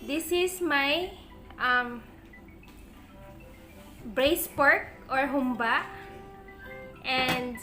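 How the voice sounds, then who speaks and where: A woman's voice: high voice, extremely slow, long pauses, sharp tone, soft background music. A woman from the Philippines, chatting casually to camera for her home mukbang vlog in simple, plain-spoken phrasing. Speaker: family vlogger. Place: noisy family home. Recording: echoey room at home. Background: cutlery and dish clatter.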